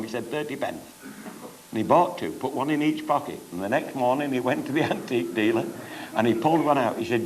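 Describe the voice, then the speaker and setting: Speaking a little fast in an animated, mid-range voice with a darkish tone, this older Cheshire man is an after-dinner comedian chuckling his way through bawdy comic stories on stage. Audience laughter fills the noisy live recording.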